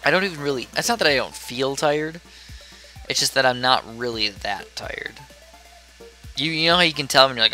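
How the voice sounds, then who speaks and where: Sleepy, rambling young man with bright voice. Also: mid-range voice, lively intonation, brisk, soft background music. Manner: rambling, chatty, drifts off topic. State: sleepy, yawning. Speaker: gameplay commentator. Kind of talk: casual gameplay commentary.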